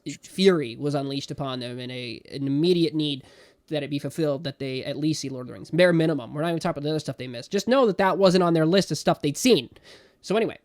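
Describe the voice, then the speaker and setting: A young man co-hosting a podcast, chatting casually about fantasy books. His voice sits a little higher than most men's, and he talks emphatically, pushing some phrases out loud and letting others drop. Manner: animated, emphatic, wide swings in loudness. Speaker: podcast co-host. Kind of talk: casual chat.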